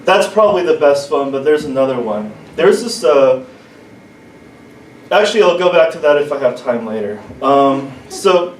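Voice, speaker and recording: A man's voice: on the high side, animated. A man performing a stumbling open-mic stand-up set in a small comedy club, restarting his sentences often. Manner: halting, stumbling delivery with many restarts. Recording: echoey club, distant mic, room noise.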